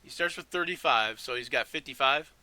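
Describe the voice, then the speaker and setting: A man's voice: mid-range voice, brisk, sharp tone, no room sound. A man running a tabletop game as game master, easygoing and laughing often while tallying damage. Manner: easygoing, laughs often, tallies numbers aloud.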